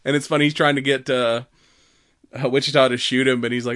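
A man's voice: medium pitch, steady tone, fairly quick, a bit bright, no room sound, clean studio sound. Laughing, rambling man recapping a movie. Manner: laughs often, retells scenes with quoted voices; profane, rambling with many fillers. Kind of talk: casual movie recap chat.

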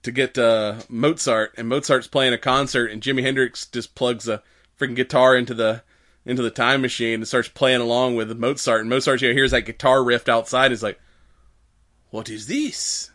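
A man co-hosting a casual podcast, recapping a movie with frequent laughter and quick quoted voices. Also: mid-range voice, flat delivery, fairly bright tone. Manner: laughs often, retells scenes doing quick quoted voices. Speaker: podcast co-host.

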